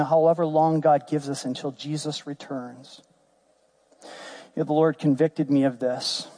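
A man's voice: a little high, mellow. A man preaching a sermon as pastor, earnest and emphatic.

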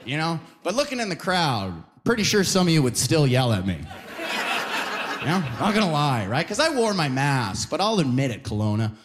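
A man from Alberta, Canada doing a stand-up comedy set, chatty and animated, often slipping into voices of other people. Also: a little high, moderate pace, noisy background. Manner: animated, conversational, lots of "you know", mimics voices.

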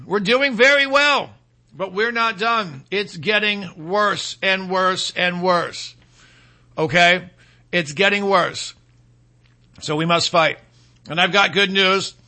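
High, sharp-voiced rambling political host. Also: male voice. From Michigan. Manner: sarcastic, repetitive, emphatic. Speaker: political talk show host.

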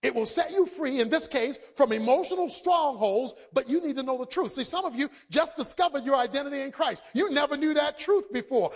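High-voiced preacher swinging quiet to shouting. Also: male voice, animated, a little fast, few pauses. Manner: swings between quiet low asides and shouted emphasis; dramatic, acts out quoted speech. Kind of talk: sermon.

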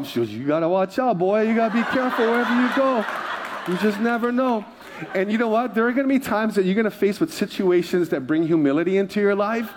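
A high-pitched male pastor delivers a sermon, drifting into animated, self-mocking stories and laughing along with them. A faint room ambience sits behind his voice. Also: a little hiss or hum. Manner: animated storyteller, self-deprecating, laughing often.

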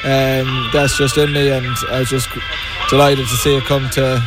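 A young Irish man, a sports player, giving a modest, halting on-the-spot interview. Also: medium pitch, level tone, over loud music.

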